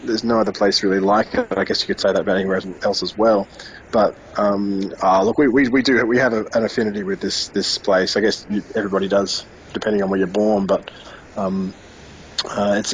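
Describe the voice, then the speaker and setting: Australian man, casual interview guest, halting speech, faint noise behind him. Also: fairly low pitch, steady tone, low-quality recording. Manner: hesitant, many restarts and fillers. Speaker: band member interviewed.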